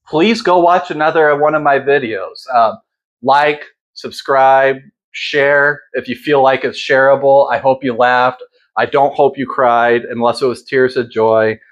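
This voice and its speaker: A man's voice: medium pitch, fairly even intonation, a little slow, dull audio. A man hosting a casual home cooking video, chatting in a laid-back, self-deprecating way while he makes salsa. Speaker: cooking channel host.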